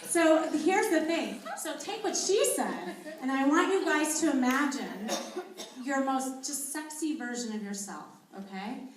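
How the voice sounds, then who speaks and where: A woman's voice: sits high, expressive, measured pace, noisy background. A woman coach leading an audience through an exercise, coaxing and counting aloud. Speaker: dating coach guest. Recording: echoey room from far off, audience. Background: studio audience.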